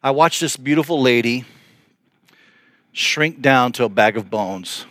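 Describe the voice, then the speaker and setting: A middle-aged male pastor telling a story in a sermon, earnest and animated, with frequent restarts. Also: medium pitch, measured pace, no room sound, clean studio sound.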